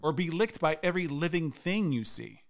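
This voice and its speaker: A man's voice: a little high, animated, normal speed, gravelly. A man hosting a casual podcast, asking the guests questions with a lot of laughing. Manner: laughing, game-show style questioning. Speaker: podcast host.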